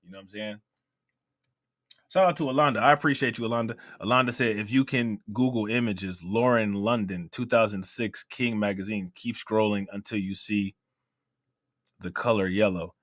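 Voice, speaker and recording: Speaking at a moderate pace with a steady, fairly low and slightly bright voice, an Ohio man runs a laid-back livestream in clean studio sound with no room noise. He chats loosely, reads messages from the chat, laughs a lot and repeatedly says "you know what I'm saying."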